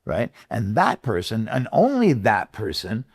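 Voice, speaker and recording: A man's voice: on the low side, wildly swooping pitch, measured pace, vocal fry, husky. A man, a guest in a business interview, explaining his sales method earnestly, with frequent restarts. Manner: earnest, repeats himself, acts out sales letters. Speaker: guest, dealership marketing consultant. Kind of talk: casual interview talk.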